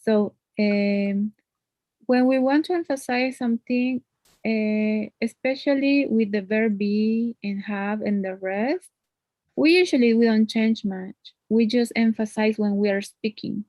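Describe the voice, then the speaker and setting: A woman's voice: fairly high pitch, measured pace, darkish tone, dry recording. A woman teaching English one-on-one. She explains patiently and often ends points with a questioning "no?". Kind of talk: one-on-one online lesson.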